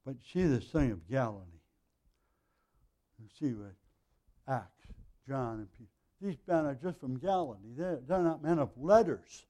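A middle-aged man teaching a Bible passage verse by verse in a conversational way, with frequent throat clearing and asides. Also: medium pitch, lively intonation, a little slow, long pauses, dark tone.

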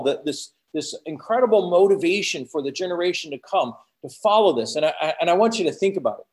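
A man preaching a sermon, chatty in his asides and booming as he quotes scripture. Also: lively intonation, fast talker, hardly any pauses, a little mellow.

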